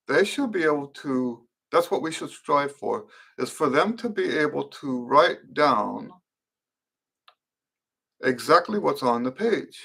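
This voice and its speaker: A middle-aged man teaches trumpet in a live-stream question-and-answer lesson. He talks slowly, with a gravelly edge to his voice. He explains thoughtfully and often restarts his sentences. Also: on the high side, a bit bright.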